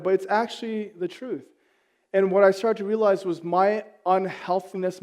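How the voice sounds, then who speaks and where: A man in his thirties with a high-pitched, darkish voice preaches a sermon as a pastor. He tells family stories with self-deprecating humor before turning earnest.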